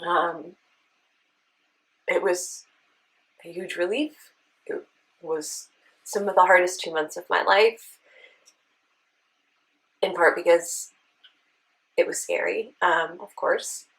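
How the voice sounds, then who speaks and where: A woman's voice: on the low side, steady tone, slow, long pauses, a bit bright, rough recording. Earnest woman telling a personal story. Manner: earnest, tearful at times, with rhetorical "right?". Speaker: beauty vlogger.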